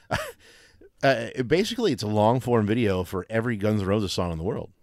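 A man co-hosting a casual podcast, rambling and animated with lots of fillers. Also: on the low side, brisk, dry recording. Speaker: podcast co-host. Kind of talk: casual chat.

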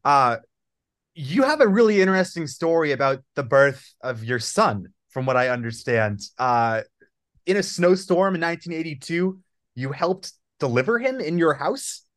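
A man hosting an interview, asking long, measured setup questions with a few hesitations. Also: on the high side, very animated. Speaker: podcast host.

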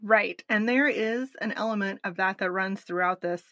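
A woman co-hosting a podcast, recapping a documentary in casual chat with animated asides. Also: medium pitch, normal speed, dry recording. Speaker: podcast co-host.

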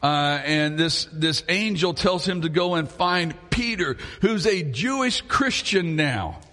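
A man preaching a sermon as a pastor, telling the story in an animated way and chuckling often. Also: a little high, takes it slowly. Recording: long hall reverb.

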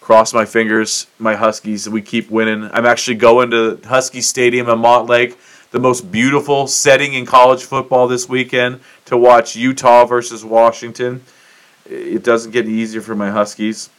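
A man's voice: mid-range voice, level tone, normal speed, a bit bright. A man hosting a solo podcast, ranting in a fired-up, profane way about sports and politics. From United States. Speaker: podcast host. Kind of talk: solo opinion monologue.

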